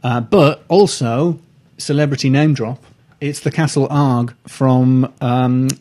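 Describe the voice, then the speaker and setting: Young man, comedian guest, mellow dark tone, rambling, self-deprecating, casual live chat. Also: medium pitch, steady tone, slow pace. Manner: rambling, self-deprecating, many restarts and fillers.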